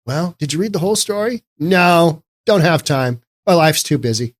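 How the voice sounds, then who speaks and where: A man's voice: fairly high pitch, lively intonation, moderate pace, hardly any pauses. A man giving casual political commentary in a sarcastic, rambling way.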